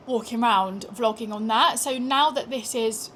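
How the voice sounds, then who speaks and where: A young pregnant British woman vlogs casually to a small handheld gimbal camera, both indoors at home and while walking outside, adding self-deprecating asides. Her voice is a little high and a bit bright, at normal speed, with slight background noise.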